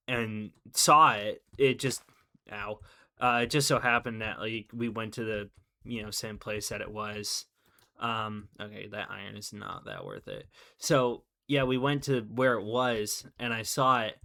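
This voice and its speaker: A man's voice: mid-range voice, bright, forceful tone. A man giving casual, rambling gameplay commentary as a channel host, full of fillers and self-deprecating asides.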